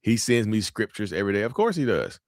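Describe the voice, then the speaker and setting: A man's voice: lowish voice, sing-song, fast, no echo, studio quality. A man chatting casually on a livestream, reacting to viewer comments in a blunt, emphatic way that repeats phrases for effect.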